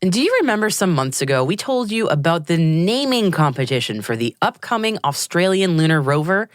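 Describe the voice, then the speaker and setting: A woman's voice: deep voice, no echo. An American woman hosting a space news podcast on a studio mic, reading the news in an upbeat way with playful asides. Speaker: podcast host.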